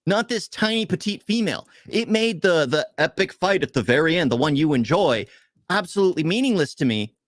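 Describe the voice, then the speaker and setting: A man's voice: a little high, big pitch swings, a little fast, no echo. A man co-hosting a casual movie review, ranting in frustration with rhetorical questions.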